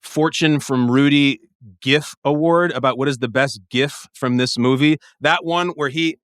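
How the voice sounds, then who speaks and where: A man talking in an animated, joking way on a podcast, often swearing. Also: medium pitch, a little slow, no room sound, studio quality. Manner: animated, profane, jokey. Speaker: podcast guest. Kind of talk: casual chat.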